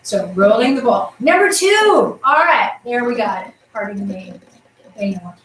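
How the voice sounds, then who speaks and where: Upbeat female tai chi teacher, fairly high voice, projecting, heard from across an echoey room. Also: expressive, moderate pace, distant mic, a little hiss or hum. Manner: upbeat, encouraging, counts out moves; projecting her voice loudly. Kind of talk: guiding an exercise class. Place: exercise room indoors.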